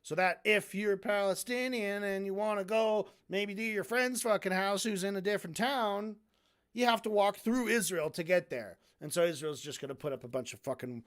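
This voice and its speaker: This streamer's voice sits at an ordinary middle pitch, and the delivery is loose and off the cuff. The host is sarcastic, swears a lot and keeps slipping into mocking impressions of the people being discussed. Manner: sarcastic and heavily profane; mocks people by acting out their lines. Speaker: streamer analyzing debates. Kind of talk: casual stream commentary.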